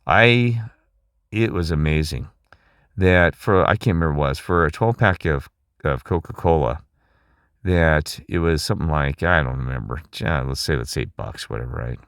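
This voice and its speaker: A man's voice: extremely low pitch, normal speed, fairly bright tone, clear, resonant tone, no room sound, studio quality. A middle-aged man talking in a rambling, emphatic monologue, asking listeners questions and restarting his sentences. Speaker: channel host.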